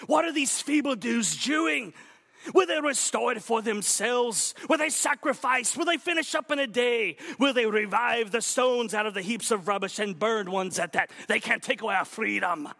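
A man's voice: extremely high pitch, moderate pace, creaky, sharp tone, voice pushed up, exaggerated voice. A man voicing a blustering ancient male warlord who taunts his enemies in a mock Welsh accent. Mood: bellowing taunt.

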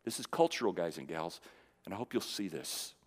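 Animated male preacher in a reverberant hall. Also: fairly quick. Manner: animated, swinging from loud emphasis to near-whispered lows; conversational, with fillers and restarts, asks the audience questions. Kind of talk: sermon.

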